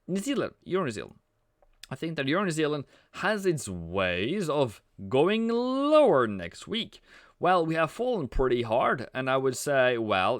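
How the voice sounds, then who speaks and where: A man talks through next week's currency trades in a loose, chatty way. He often corrects himself and adds offhand asides. His pitch rises and falls a lot, and the recording is dry and close. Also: a bit bright, dry recording. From Norway. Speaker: forex trader giving a weekly forecast. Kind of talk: casual market commentary.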